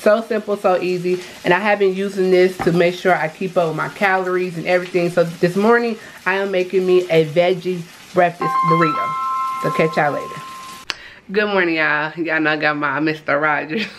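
A woman's voice: on the low side, steady tone, normal speed, slight background noise, low-quality recording. A woman vlogging casually from her home kitchen, chatting upbeat to viewers and calling them y'all. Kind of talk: casual vlog chat.

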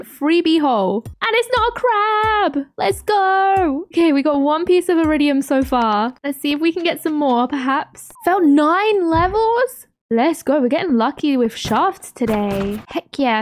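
An excitable young woman talks through her game as a let's play host, with frequent gasps and exclamations. Her voice sits high. The sound is dry, with no room around it. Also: no room sound. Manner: excitable, gasping and exclaiming often. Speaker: gaming channel host.

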